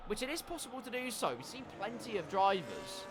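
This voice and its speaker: A man doing live commentary on an online sim race, lively and jokey, sometimes bursting into shouts. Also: high voice, brisk, background noise. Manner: excitable, jokey, breaks into shouts.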